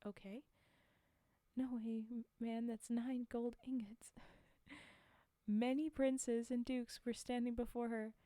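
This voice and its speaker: A woman reads a fairy tale aloud on a live stream, pausing often to laugh and chat with her viewers. Her voice is fairly high yet mellow and soft. The close microphone sounds dry, with no room echo. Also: level tone. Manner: chatty asides to chat, frequent laughs. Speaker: storyteller streamer.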